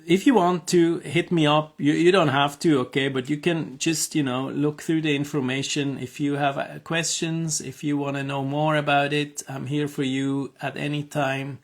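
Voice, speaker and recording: A man's voice: on the high side, flat delivery, normal speed, few pauses. A man coaching on health, talking to camera in a casual, earnest promotional monologue, hesitant with many fillers and restarts. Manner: earnest, encouraging.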